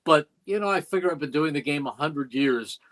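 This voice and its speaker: Guesting on a podcast in a studio, an older longtime play-by-play man retells stories with reflection and emotion, voicing the dialogue. His pitch runs fairly high, and he's expressive, slightly quick and a bit bright. The recording is rough.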